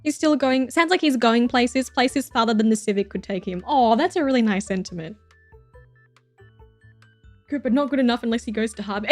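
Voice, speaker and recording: A woman's voice: on the high side, fairly quick, pauses often, no room sound. A young woman streamer chatting casually as she reacts to stories, laughing often and swearing freely. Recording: dry close mic with faint music behind.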